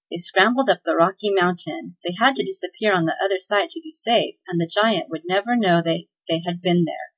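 Woman host, breathy storybook narrator, cheerful steady read. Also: on the low side, normal speed, hardly any pauses, poor audio. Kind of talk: scripted narration.

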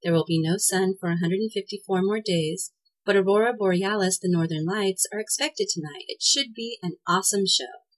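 A woman hosting a podcast and reading a children's story with a cheerful, clear delivery. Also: medium pitch, normal speed, poor audio. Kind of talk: scripted narration of a children's story.

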